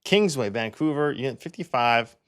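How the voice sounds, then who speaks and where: A man's voice: medium pitch, lively intonation, normal speed, fairly bright tone. A young man from Canada, a real estate agent, chatting casually as he walks through home listings and thinks aloud with plenty of fillers.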